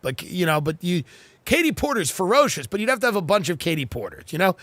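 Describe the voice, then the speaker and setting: A man's voice: sits high, sing-song, fast talker, a bit bright, no room sound. A man hosting a comedy podcast, reading a news article aloud and breaking off into sarcastic joking asides.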